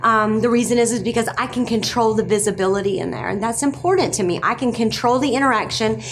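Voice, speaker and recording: A woman's voice: a little high, fast. A woman giving a live presentation, upbeat and coaxing the audience to respond.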